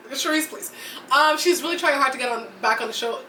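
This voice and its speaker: A woman's voice: high-pitched, brisk, pushed and bright, a little hiss or hum. A woman co-hosting a podcast, chatting casually and gossipy about reality TV, rambling with restarts. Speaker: podcast co-host. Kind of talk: casual reality-TV review chat. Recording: roomy sound, mic at a distance.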